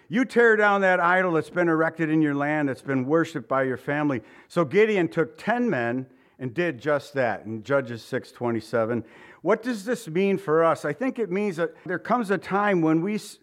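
A man's voice: medium pitch, expressive, normal speed. A middle-aged man preaching a sermon in a casual, conversational way, joking and chuckling between points. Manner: informal and joking, with chuckles and asides. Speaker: pastor.

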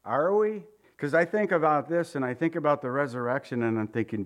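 Guy pastor giving a sermon, kinda higher voice, jokey and chatty with the crowd. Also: fairly quick. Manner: conversational, joking, rhetorical questions.

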